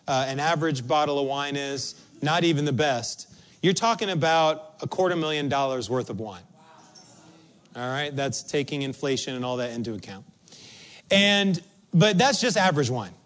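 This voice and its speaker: High-voiced animated male preacher. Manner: animated, acts out his own reactions. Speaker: pastor. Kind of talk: sermon with storytelling.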